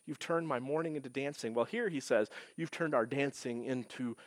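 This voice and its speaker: A man's voice: medium pitch, moderate pace, no room sound, clean studio sound. A man preaching a sermon, reading scripture aloud and explaining it in an earnest, emphatic way. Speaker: pastor.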